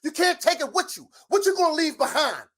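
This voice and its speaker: Very high-pitched and animated, a middle-aged show guest is locked in a heated argument. He rants at full volume, cursing heavily and firing off quick challenges.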